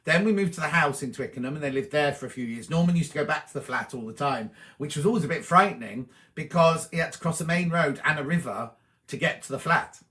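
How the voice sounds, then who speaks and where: A cheery middle-aged man chats casually on a live stream, reading out viewers' messages and answering each one. His voice sits a little high for a man and sounds bright and forward. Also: expressive, quick pace. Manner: chatty, cheery, reads comments aloud and chats back to them.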